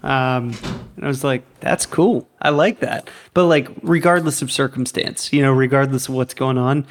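A man's voice: mid-range voice, normal speed, a little hiss or hum. A man co-hosting a casual faith podcast who asks questions and responds with eager enthusiasm. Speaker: podcast co-host.

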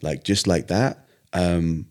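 Deep-voiced man telling his story. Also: slow pace. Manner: earnest, animated retelling with acted-out quotes. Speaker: podcast guest, vocalist. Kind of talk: casual storytelling interview.

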